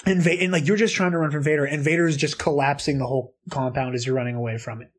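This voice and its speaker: A man with a slightly raised voice chats excitably on a podcast, piling up fillers as he retells a game moment. His telling is animated and casual. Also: on the high side, fast talker. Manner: excitable, storytelling with lots of fillers. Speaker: podcast co-host. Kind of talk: casual podcast chat about video games.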